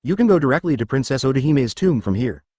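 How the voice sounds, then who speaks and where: Guy doing a kind young pirate hero, lively pitch, dry, storybook read. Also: fast, no echo, close to an everyday voice.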